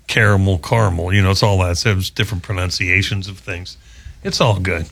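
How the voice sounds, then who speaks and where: Rambling, joking local radio host. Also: male voice, deep voice, fairly even intonation, brisk, a bit bright, husky. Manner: rambling, joking, wry asides. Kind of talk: casual chat.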